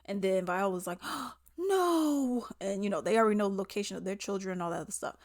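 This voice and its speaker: A woman, casually recapping a movie, animated and exasperated, acting out the characters' lines. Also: medium pitch, very fast, dry recording, clean studio sound. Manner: chatty and animated, acts out characters' lines in quotes; exasperated, sarcastic asides. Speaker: movie reviewer.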